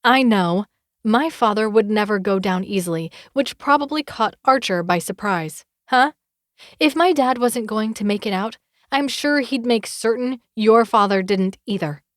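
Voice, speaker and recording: A woman's voice: medium pitch, measured pace, no echo, clean studio sound, close to an everyday voice. A woman narrator voicing a fierce, angry young woman who accuses her rival and demands answers in an audiobook. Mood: accusing.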